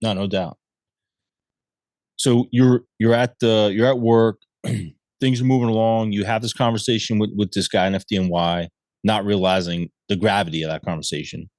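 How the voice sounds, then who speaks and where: Laid-back male podcast host, lowish voice, dry sound. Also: fairly even intonation, moderate pace, darkish tone, no echo. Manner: laid-back, calls the guest bro. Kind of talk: casual interview chat.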